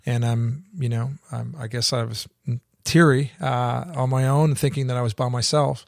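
A middle-aged man from Canada, a guest in an interview, telling his story in a halting way with many restarts. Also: medium pitch, fairly even intonation, creaky, dry recording, studio quality.

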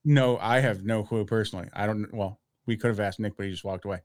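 A man's voice: on the low side, fairly even intonation, fast talker, no room sound. A man co-hosting a casual podcast chat, making dry sarcastic remarks. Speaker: podcast co-host.

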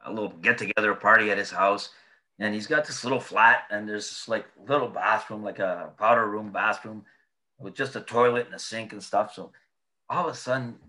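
A man, a former player, being interviewed and telling animated, laughing anecdotes in a casual way. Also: on the low side, a little fast. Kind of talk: casual storytelling.

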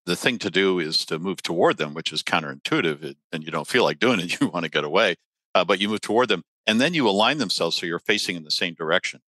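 A man speaking as a guest expert, explaining body language and giving practical advice in a measured way. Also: low voice, animated, bright, forceful tone, no echo. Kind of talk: explanatory interview talk.

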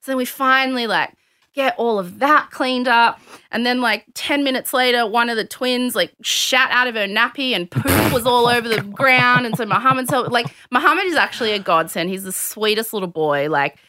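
An Australian woman telling a story in casual chat, lively and acting out what others said. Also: a little high, normal speed. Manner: animated, acts out quotes of others.

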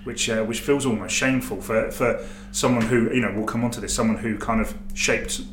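A man's voice: medium pitch, steady tone, brisk, fairly bright tone. A man hosting a casual podcast in a jokey, chatty, rambling way, often restarting his sentences. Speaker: podcast host. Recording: roomy echo, faint noise.

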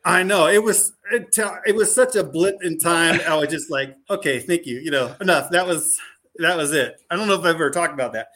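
A man guesting on a podcast, spinning loose, animated stories and acting out what people said. His voice sits a little high for a man, and he talks in a relaxed, rambling way. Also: fairly quick. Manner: rambling, animated anecdotes full of "like" and quoted dialogue. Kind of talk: casual storytelling chat.

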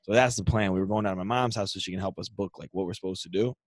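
A man's voice: low voice, very fast, no echo. A young man co-hosting a podcast, telling a long road-trip story in casual, profane chat and acting out the people in it. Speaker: podcast co-host.

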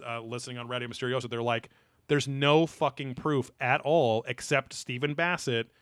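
A man rambles through a casual podcast chat, full of fillers and offhand swearing. His voice is bright and forward. The sound is dry and close. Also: medium pitch, fairly even intonation, moderate pace, smooth, no echo. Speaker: podcast co-host.

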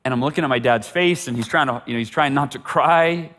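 A man's voice: medium pitch, a little fast, fairly bright tone. A middle-aged man telling a personal story as a motivational speaker, earnest and often repeating words for emphasis. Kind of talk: storytelling talk.

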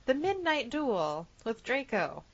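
A woman's voice: on the high side, very animated, takes it slowly. A woman co-hosting a casual fan podcast. She talks in a chatty, emphatic way, swears freely and drops in plenty of "you know". The sound is a bit dull and lo-fi. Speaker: podcast co-host.

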